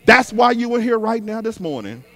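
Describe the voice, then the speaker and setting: High-pitched, lively middle-aged male preacher. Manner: fiery preaching that swings between shouts and hushed, fast asides; repetitive call-and-response cadence. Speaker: guest preacher. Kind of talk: sermon.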